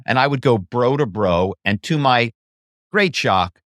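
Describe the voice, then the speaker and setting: A man's voice: medium pitch, a little slow, no echo, clean studio sound. A man, a former actor and author, telling stories as a podcast guest and acting out phone calls in different voices. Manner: animated, acts out phone calls. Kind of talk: casual storytelling interview.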